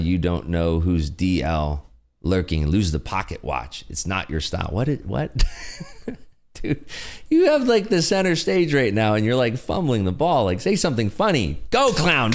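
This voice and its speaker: A man hosting a casual livestream, joking and teasing as he reads out the chat. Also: mid-range voice. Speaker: livestream host.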